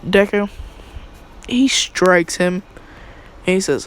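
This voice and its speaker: A man's voice: high-pitched, steady tone, slow pace, gravelly, long pauses, rough recording. A young man casually retelling a fan story, rambling and slangy with many fillers.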